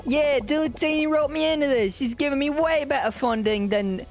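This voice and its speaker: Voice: high voice, moderate pace, soft background music, voice pushed up. A streamer voicing a cheery scientist in a mock British accent that drifts toward Australian. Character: cheery scientist working for the mob.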